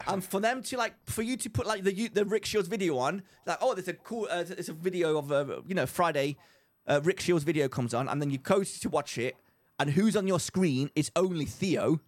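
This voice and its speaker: Man, young adult, podcast co-host, casual storytelling, fairly high voice. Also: moderate pace. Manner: animated storyteller who acts out quotes.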